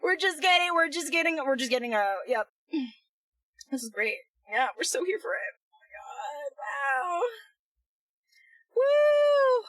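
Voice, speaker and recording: A woman streaming a game, giggling, apologizing to her chat and cheering loudly at the screen. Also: sits high, expressive, moderate pace, no echo, far from the mic, rough recording. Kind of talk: casual live-stream commentary. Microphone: headphones on, desk mic.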